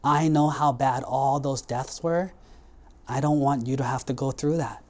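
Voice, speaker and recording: A monk voicing a talking goat in a storytelling sermon, low and earnest as it recounts its past lives. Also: male voice, fairly even intonation, unhurried, a little mellow, lightly acted. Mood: sorrowful. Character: wise talking goat, old soul, sorrowful.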